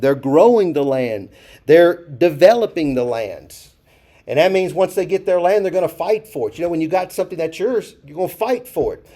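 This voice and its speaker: A man's voice: on the high side, warm tone. A man leading a church Bible study, talking casually, asking the group questions and repeating key phrases for emphasis. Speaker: pastor.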